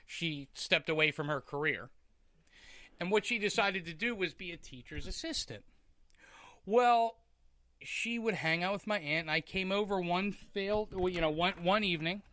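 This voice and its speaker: A man hosting a podcast, telling a story in a casual, animated way, tripping over and repeating his words. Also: on the high side, clean tone, dry recording. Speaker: podcast host.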